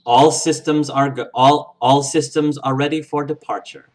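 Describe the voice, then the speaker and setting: A man voicing a calm, polite ship AI. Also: on the high side, moderate pace, close to an everyday voice, low-quality recording. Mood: formal.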